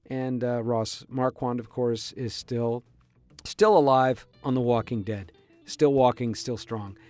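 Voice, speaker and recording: A man's voice: medium pitch, darkish tone, no echo. Rambling storyteller man, dry close sound. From Southern California. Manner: rambling, with restarts and laughs. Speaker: podcast host. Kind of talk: casual storytelling monologue.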